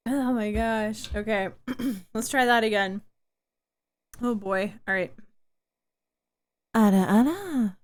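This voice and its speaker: A woman's voice: medium pitch, steady tone, slow, long pauses, clean tone. Giggly young woman chatting on stream. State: throat tired from talking. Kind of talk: casual live-stream chat.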